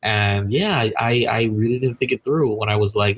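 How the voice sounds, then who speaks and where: A man's voice: lowish voice, crowd noise. A young man co-hosting a podcast, joking around in casual banter and acting out little scenes between laughs. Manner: fast, joking, laughs often, acts out scenes. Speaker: podcast co-host.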